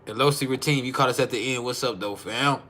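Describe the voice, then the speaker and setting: A man's voice: mid-range voice, fast talker, pushed and bright, a little hiss or hum. A man hosting a casual livestream from home, teasing his viewers with profane jokes and laughing often. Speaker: livestream host. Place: at home, refrigerator behind him.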